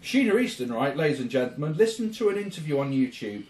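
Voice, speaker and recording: A man's voice: a little high, big pitch swings, fast, a little mellow, reverberant. A man co-hosting a movie commentary podcast, ranting bluntly and swearing freely. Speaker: podcast co-host.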